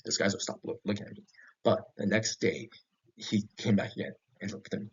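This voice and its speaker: In a husky, slightly low voice, a man tells first-person horror stories, speaking haltingly and often backing up to restart sentences, with fillers along the way. The audio is dull and lo-fi.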